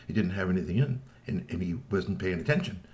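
A man's voice: deep voice, fast, reverberant, a little hiss or hum. A man telling a children's story aloud, addressing the listeners directly. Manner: lively, talks to listeners directly.

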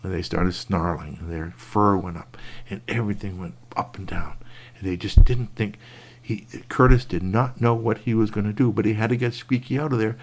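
A man telling a bedtime story to a child, animated, with sound effects and asides to the listener. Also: lowish voice, normal speed.

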